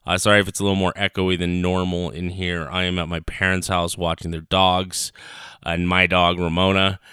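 A man's voice: deep voice, level tone, normal speed, sharp tone, clear, resonant tone, dry recording, studio quality. A young man hosting his own podcast from his parents' kitchen, rambling and swearing in a heated rant. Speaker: podcast host. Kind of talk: casual solo podcast rant. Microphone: home recorder on a computer.

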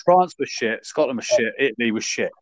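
A man's voice: mid-range voice, lively intonation, fairly quick, dry recording. A man co-hosting a casual sports chat, blunt and bantering, swearing casually. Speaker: podcast co-host. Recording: dull lo-fi dry recording.

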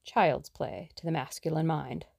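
A woman's voice: deep voice, fairly even intonation, measured pace, vocal fry, a little mellow, no room sound, studio quality, exaggerated voice. A woman voicing a confident, jaunty young man in an audiobook, breezy and teasing. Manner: breezy, self-assured and teasing. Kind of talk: audiobook character reading.

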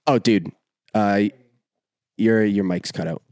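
A young man hosting a podcast, telling a rambling, profane, animated story in casual chat. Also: fairly low pitch, slow, dry recording. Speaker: podcast host.

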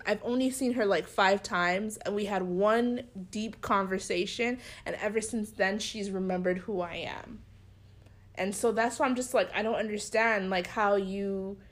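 A young woman chatting casually as a podcast co-host, telling a story and acting out the people in it. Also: medium pitch. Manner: animated storyteller, acts out quoted people. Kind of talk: casual chat.

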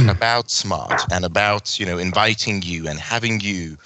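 A man's voice: deep voice, unhurried, background noise. A man hosting a podcast interview, earnest, with frequent ums and uhs. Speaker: podcast host. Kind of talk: hosted interview.

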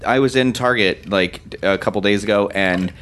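A man with a fairly low voice chats as a podcast co-host. He sounds upbeat and talkative and often laughs between his points. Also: normal speed, a bit bright, slight background noise. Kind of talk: casual podcast discussion.

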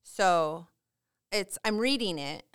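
A woman's voice: lowish voice, lively intonation, takes it slowly, clean tone, no echo, studio quality. A woman from California co-hosting a podcast, talking in a heated, emotional, outspoken way. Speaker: podcast co-host. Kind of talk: casual chat.

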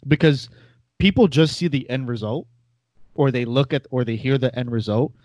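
This man, a podcast guest and former host, chats in a loose, self-deprecating, rambling manner. His voice is medium-pitched, nasal and a little mellow, at normal speed with no echo.

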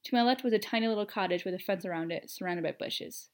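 A woman narrating a story in the first person, with an expressive, even reading. Her voice sits at an ordinary middle pitch. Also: fast.

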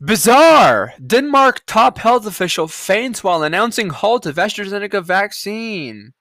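A man's voice: sits high, very animated, measured pace, sharp tone, no room sound. A man hosting a podcast, reacting to headlines in a rambling, profane, sarcastic rant. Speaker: podcast host. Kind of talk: casual news-reaction rant.

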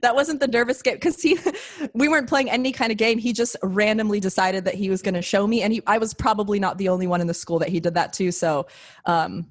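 A woman's voice: mid-range voice, fairly even intonation, fast talker. A woman in her twenties co-hosting a podcast, telling a rambling story in casual chat with frequent laughs. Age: 20s. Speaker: podcast co-host.

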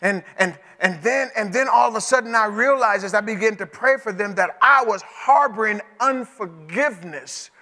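A male pastor preaching a sermon in a conversational storytelling way that climbs to emotional shouts. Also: sits high, moderate pace, few pauses. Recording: echoey hall with long reverb.

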